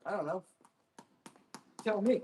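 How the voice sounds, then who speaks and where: This man has a high voice and whoops energetically as he trains, hitting a ball and chatting casually with his livestream audience between swings. He speaks slowly, turns blunt and confrontational toward trolls, and there's slight noise in the background.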